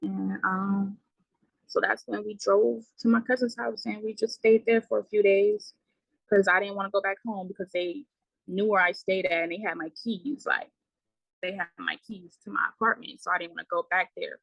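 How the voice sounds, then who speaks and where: A young woman telling a painful personal story in a halting way, with many fillers and trailing words. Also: medium pitch, fairly even intonation, creaky, no echo, poor audio. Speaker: guest. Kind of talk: emotional personal account.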